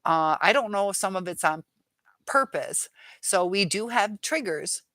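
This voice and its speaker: A woman's voice: mid-range voice, lively intonation, a little slow, a bit bright, dry recording. A woman hosting a live chat, reading viewer comments aloud and answering them frankly, with exasperation.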